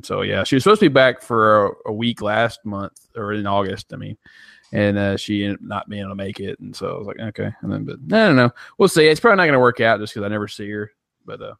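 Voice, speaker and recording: A man's voice: on the low side, gravelly, a bit bright, no echo, clean studio sound. A man co-hosting a podcast, rambling casually with lots of "like" and restarts. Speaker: podcast co-host. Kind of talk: casual chat.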